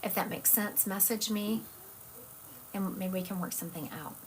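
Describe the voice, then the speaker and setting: A woman's voice: mid-range voice, normal speed, slight background noise. Chatty Southern woman on a live stream. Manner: chatty, rambling, self-correcting. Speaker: psychic medium. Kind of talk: casual live-stream chat.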